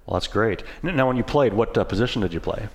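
A male interviewer with a fairly low voice asks his questions at a brisk clip. He trips over his first words now and then. The room has a long, hall-like reverb. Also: animated.

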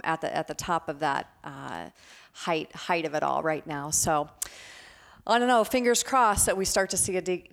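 Lower-voiced woman, hesitant podcast guest. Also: a bit bright. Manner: hesitant, frequent "um" fillers. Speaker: real estate agent guest.

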